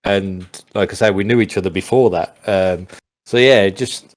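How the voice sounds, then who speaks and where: A man's voice: sits low, normal speed, no room sound. A man chatting casually as an interview guest, telling stories with lots of fillers and restarts. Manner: rambling, many restarts and fillers. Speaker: interview guest, former pro gamer. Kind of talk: casual storytelling on a call.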